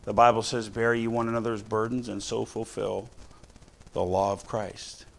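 A middle-aged man preaching a sermon, telling a story from his own life and slowing down to stress key lines. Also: on the low side, flat delivery, vocal fry. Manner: storytelling, varies loudness, slows for emphasis.

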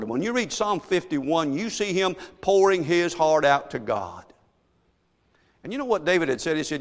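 Storytelling preacher in an echoing hall. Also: male voice, on the high side, expressive, moderate pace. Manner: storytelling preacher, swinging from hushed asides to shouted emphasis. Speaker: pastor. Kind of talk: sermon. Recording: long echo of a large hall.

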